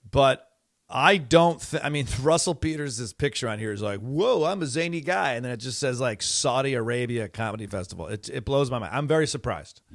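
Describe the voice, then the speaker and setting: A man's voice: mid-range voice, a bit bright, dry recording, clean studio sound. A middle-aged man hosting a podcast, talking in a rambling, exasperated way with many fillers and restarts. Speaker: podcast host. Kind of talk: casual monologue.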